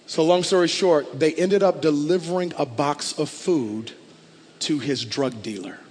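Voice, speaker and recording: A man preaching a sermon as a pastor, impassioned and building to loud declarations. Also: on the high side, measured pace, a little hiss or hum. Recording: long hall reverb.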